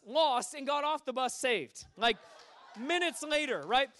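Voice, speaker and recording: A man preaching a sermon, telling stories with lively energy and acting out the voices of the people in them. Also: very high voice, a little slow. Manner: animated, acts out quoted voices. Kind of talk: sermon storytelling.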